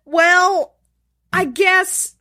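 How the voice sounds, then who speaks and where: A woman's voice: very high-pitched, drawn-out words, pushed and bright. A young woman co-hosting a podcast, chatting casually and trading dry, wry quips. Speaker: podcast co-host. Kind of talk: casual chat.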